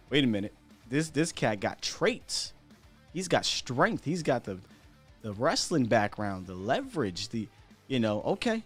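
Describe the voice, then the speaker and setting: A man talks sports in a loose, conversational way, his voice sitting in a middle pitch. He is animated and throws out rhetorical questions. Faint guitar music plays softly behind him. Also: slow, pauses often, husky. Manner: animated, chatty, asks rhetorical questions, laughs at himself. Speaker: sports podcast host. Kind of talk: casual sports commentary.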